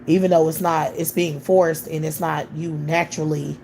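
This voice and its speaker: A woman's voice: low-pitched, level tone, normal speed, warm tone, a little hiss or hum. A woman hosting a livestream, ranting bluntly with heavy profanity. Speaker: livestream host. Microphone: computer or phone mic on a livestream.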